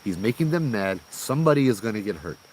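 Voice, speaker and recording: A man telling a ghost-tour story outdoors on a trail at night, casual and animated, calling people bro and laughing as he goes. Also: fairly low pitch, fast talker, slight background noise, poor audio.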